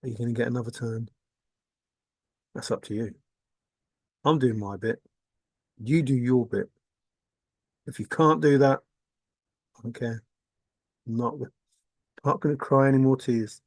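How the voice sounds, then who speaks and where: A man's voice: medium pitch, a little slow, long pauses, dry recording. Man, intense rambling monologue, repetitive, swearing, dry close sound. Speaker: video blogger.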